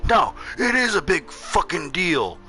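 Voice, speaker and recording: A cranky old man neighbor yelling in a strained, raised voice, his words slow, drawn out and full of cursing, as a storyteller puts him on. He sounds sharp and tense at the top, lifted well above an everyday register. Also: sits high, huge pitch swings, faint music behind, voice pushed up, heavily acted. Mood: furious. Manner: shouting, profane, slow and drawn out.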